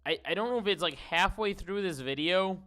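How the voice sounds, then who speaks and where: Casual male streamer, bright and slightly high voice, blunt and incredulous. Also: fairly quick. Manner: blunt, incredulous, rambling with fillers. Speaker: streamer reacting to videos. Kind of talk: casual live-stream commentary.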